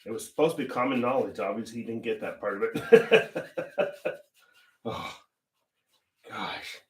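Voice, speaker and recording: A man's voice: fairly low pitch, a little slow, recorded from a distance. Chatty older man, roomy sound. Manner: chatty storyteller, laughs often. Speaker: painting livestream host. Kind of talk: casual chat while painting. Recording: roomy echo.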